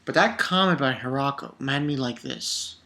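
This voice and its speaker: A man talks through a comic chapter in a loose, rambling vlog, getting worked up and dropping swear words as he goes. His voice sits at an ordinary middle pitch. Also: moderate pace, creaky. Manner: excitable, rambling, swears often. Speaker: comic reviewer. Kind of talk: casual comic review vlog.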